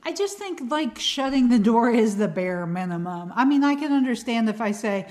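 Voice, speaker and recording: A woman's voice: on the high side, animated, moderate pace, hardly any pauses, a little mellow. A middle-aged woman comedian, a podcast guest in casual chat, speaking dryly and emphatically.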